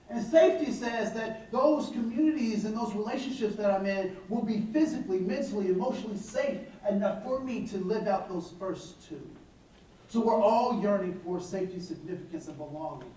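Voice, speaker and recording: A man giving a talk to an audience, telling stories with animated delivery, acting out dialogue and asking rhetorical questions. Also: high-pitched. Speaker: speaker on attitudes and education. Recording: very echoey hall from far off.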